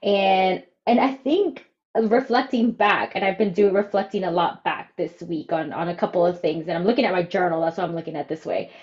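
Animated woman podcast co-host, slightly dull sound. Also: on the low side. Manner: animated, quick to jump into exaggerated voices. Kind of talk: casual chat.

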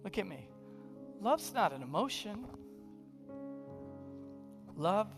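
A man preaching a sermon in a conversational, humorous storytelling way, sometimes dropping to a hushed, intimate delivery. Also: sits high, animated, slow, creaky, pauses often, music in the background. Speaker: pastor.

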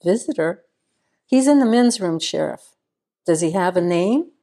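A woman's voice: lowish voice, lively intonation, a little slow, mellow. A woman reading the part of a small-town sheriff, a former city detective, with dry, understated wit in an audiobook. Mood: curious.

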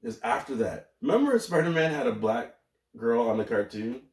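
A man's voice: mid-range voice, animated, fairly quick, darkish tone. A man co-hosting a podcast in casual banter, joking around and breaking into silly voices. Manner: jokey, slips into silly put-on voices. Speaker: podcast co-host. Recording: echoey room, mic at a distance.

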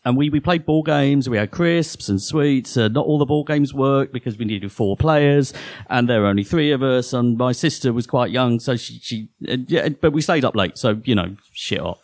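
Halting man telling a horror story. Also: medium pitch, a little mellow, no room sound. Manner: halting, with frequent repeated words. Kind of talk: live first-person horror storytelling. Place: theatre stage before a live audience.

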